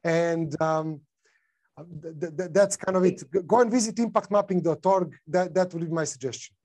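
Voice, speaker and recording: A man's voice: a little high, normal speed, darkish tone. A man with a non-native English accent giving a conference talk, casual, with many fillers and restarts. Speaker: conference speaker.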